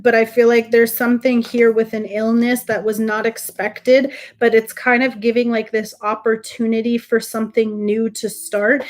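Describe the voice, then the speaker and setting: A woman hosts a live tarot reading in a slightly high voice. She talks in halting bursts, often starting over mid-sentence, and comforts her viewers as honey and sweetheart. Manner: emotional, reassuring, addresses viewers as honey and sweetheart. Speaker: tarot reader and livestream host.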